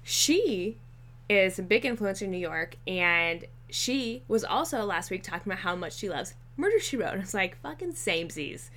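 A woman's voice: medium pitch, moderate pace. A woman co-hosting a casual podcast chat, telling stories with plenty of swearing. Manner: swears a lot, animated storytelling. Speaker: podcast co-host.

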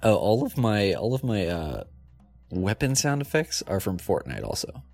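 Giggly low-voiced man riffing for laughs. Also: big pitch swings, moderate pace, vocal fry, a little mellow, soft background music. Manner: giggly, playful, restarts and self-corrects. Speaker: comedy podcast host. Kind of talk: rambling comedic monologue.

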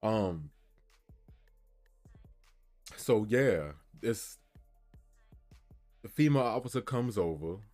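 A man's voice: lowish voice, expressive, takes it slowly, long pauses, darkish tone, soft background music. A man retelling a story in casual, heated commentary, repeating himself and often asking "you feel me".

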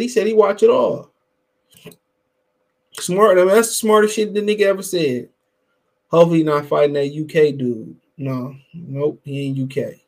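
Man, high voice, podcast host, profane, emphatic, repeats himself. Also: a little mellow. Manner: profane, heated, emphatic and repetitive. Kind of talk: casual commentary with live chat.

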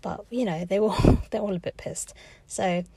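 A woman chats casually about her week in a mellow, warm voice. She laughs often and mimics the people she met. Her pitch sits in a middle range. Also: fairly even intonation, moderate pace, husky, dry recording. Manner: chatty, laughs often, acts out other people's lines. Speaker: vlogger. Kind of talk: casual reflective storytelling.

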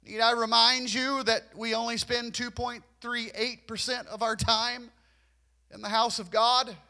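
A man delivers a sermon in a church, his voice very high and bright with a sharp edge. He urges the congregation again and again, stumbling over doubled words as he builds his point. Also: flat delivery, unhurried. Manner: repetitive, urging, stammers on restarts. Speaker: preacher.

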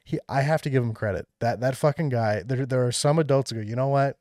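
A man's voice: medium pitch, fast, a little mellow, dry recording. A male podcast host talks in a loose, laughing way with a middle-range voice. His voice is dry and close on the mic. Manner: chatty, laughing, loosely reading out a list. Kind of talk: casual political chat.

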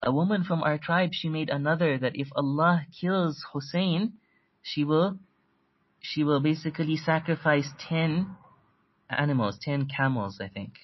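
A man's voice: on the high side, slightly rough. Earnest male lecturer, dull lo-fi sound. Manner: earnest, tells stories, quotes Arabic quickly. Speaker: religious lecturer. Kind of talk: storytelling lecture.

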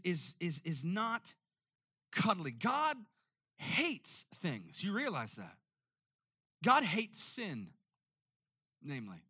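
A man preaching a sermon in an animated way, often repeating words when making a point. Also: sits high. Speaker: pastor.

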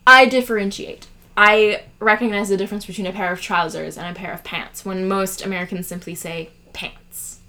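A woman's voice: mid-range voice, steady tone, normal speed, pushed and bright, slight background noise. A woman with a Californian accent, a podcast guest chatting casually and giggling, with lots of fillers. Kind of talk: casual chat.

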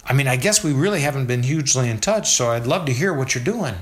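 A man's voice: medium pitch, expressive, fast talker, pitched above the performer's own voice, lightly acted. A man voicing an inquisitive old friend who asks question after question in a storybook reading. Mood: curious. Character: curious, warm male old friend, adult. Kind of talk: acted dialogue in a storybook reading.

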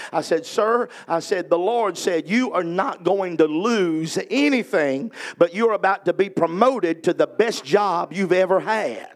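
A male evangelist preaching at a revival, telling a story in a folksy way and acting out the dialogue, building to fervent preaching. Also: high-pitched.

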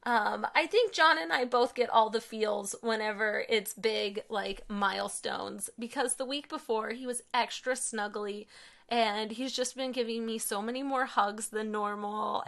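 A woman's voice: medium pitch, fairly even intonation, unhurried, vocal fry, a bit bright. A woman in her thirties chatting casually as a podcast co-host, enthusiastic and full of fillers. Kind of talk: casual chat.

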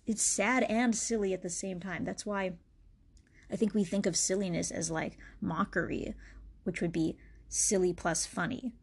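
A woman with a fairly low, gravelly voice that has a breathy edge. She hosts a podcast, musing casually about spirituality. She rambles and wanders, restarting sentences, using many fillers, and often laughing between thoughts.

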